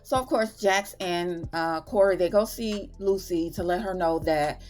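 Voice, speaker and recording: A woman's voice: lowish voice, unhurried, darkish tone, faint music behind. A woman hosting her own review channel, chatting through a TV episode recap with dramatic retellings and slangy asides. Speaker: TV and film review channel host.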